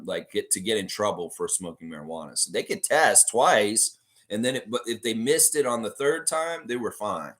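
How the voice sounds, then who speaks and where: A man hosts a casual livestream, his voice sitting a little low. He rambles in a loose, relaxed way and stops now and then to read viewer comments aloud. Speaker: livestream host.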